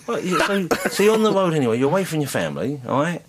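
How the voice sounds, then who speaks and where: A man hosting a radio show, chatting casually and teasing his guests with quick jokes. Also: on the high side, sing-song, over a noisy crowd. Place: radio studio.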